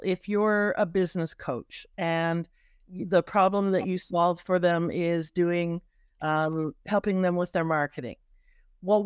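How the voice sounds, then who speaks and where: A woman's voice: on the low side, no echo, clean studio sound. A middle-aged Canadian woman with a Canadian accent, talking emphatically as a marketing coach in a podcast interview, with restarts and repetitions.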